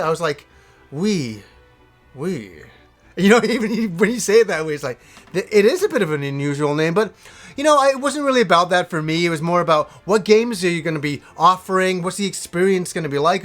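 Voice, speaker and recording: A middle-aged male host spins a rambling personal story, acting out what people said and letting the odd curse slip. His voice sits high for a man. Soft music plays faintly behind him. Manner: animated, rambling anecdote with acted-out quotes and swearing. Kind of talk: casual storytelling to camera.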